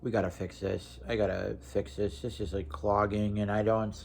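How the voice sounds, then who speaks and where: A man's voice: fairly low pitch, flat delivery, normal speed, gravelly, darkish tone, a little hiss or hum. A young man from Wisconsin, ranting casually to camera with blunt, profane talk and lots of restarts. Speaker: vlogger.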